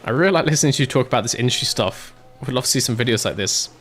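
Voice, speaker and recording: A man's voice: mid-range voice, expressive, rapid-fire, fairly bright tone, soft background music. A young British man casually commentating a racing manager game, chatting and answering chat in a rambling, swearing way. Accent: British English. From Britain.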